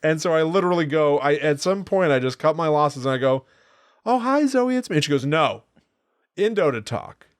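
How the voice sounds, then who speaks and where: A man's voice: on the high side, a little fast, no room sound, studio quality. A man in his thirties co-hosting a podcast, chatting casually and mimicking voices as he retells family stories. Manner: animated storyteller, mimics voices while retelling. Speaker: podcast co-host. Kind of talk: casual chat.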